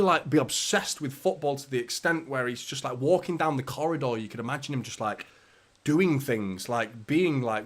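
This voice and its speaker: A man hosting a live match watchalong, chatting casually with viewers, bantering and swearing lightly. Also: mid-range voice. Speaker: fan channel host.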